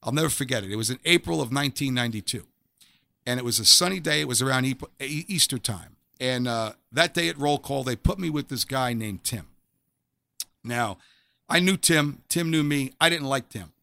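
A man's voice: mid-range voice, animated, fairly quick, creaky, sharp tone, no room sound. A middle-aged man telling his personal faith testimony in an interview, earnest and emphatic, often repeating the first word of a phrase. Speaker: guest sharing a faith testimony.

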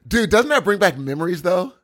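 A man co-hosting a podcast in casual, excitable chat, teasing and laughing a lot. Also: high voice, a little slow, heavy background noise. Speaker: podcast co-host.

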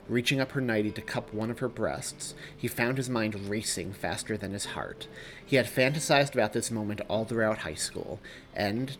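A man, the author himself, reading his own novel aloud in a steady storytelling delivery. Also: lowish voice. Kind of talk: audiobook narration.

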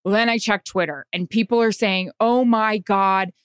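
Anxious animated woman telling a story. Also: mid-range voice, moderate pace, clear, resonant tone, no room sound, clean studio sound. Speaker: sideline reporter. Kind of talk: casual chat.

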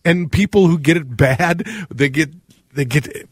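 A man from Minnesota with a Minnesotan accent, co-hosting a radio show in casual, animated talk. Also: on the high side, a little slow, breathy edge. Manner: animated, ranting, mimics accents. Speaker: radio co-host.

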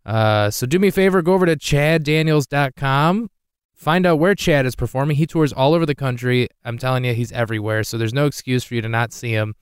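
A man's voice: medium pitch, a little fast, smooth, no echo, clean studio sound. A man hosting a podcast and plugging a guest's album. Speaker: podcast host. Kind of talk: podcast promo read.

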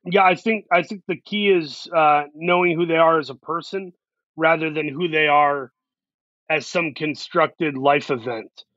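A man's voice: fairly high pitch, unhurried, a bit bright, no room sound, dull audio. A man talking in a casual interview, earnest and reflective, working through his ideas in long, run-on thoughts. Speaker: actor, guest.

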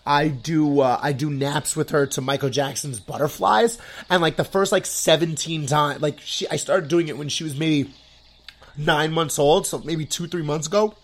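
A man's voice: fairly high pitch, normal speed. Gushing, rambling male podcast host. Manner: rambling, filler-heavy, loads of "like"; excitable, gushing. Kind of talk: casual chat.

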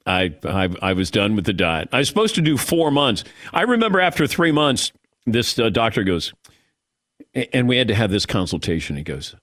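A man's voice: mid-range voice, moderate pace. A male radio show host telling a story in casual chat, acting out the quotes as he goes. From Irish heritage. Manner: animated storyteller, acts out quotes.

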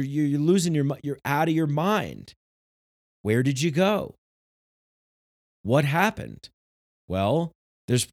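A man's voice: mid-range voice, darkish tone, dry recording, studio quality. A man from New who talks in a passionate, rambling way, with many restarts in a casual spiritual monologue. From New York.

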